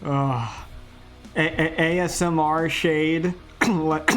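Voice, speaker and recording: A man's voice: fairly high pitch, fairly even intonation, very slow, soft background music. A man chatting casually with his live-stream chat, laid-back and swearing offhandedly.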